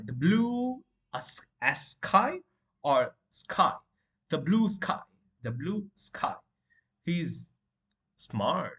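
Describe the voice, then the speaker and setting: A man's voice: on the high side, very animated, slow pace, pushed and bright. A man teaching beginners to pronounce letters, repeating each word and correcting common mistakes. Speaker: English teacher. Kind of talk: beginner pronunciation lesson.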